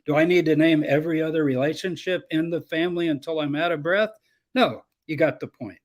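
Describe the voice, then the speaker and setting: A man teaching like a professor in an interview, explaining scripture passages with lively quoted voices. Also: on the high side, brisk.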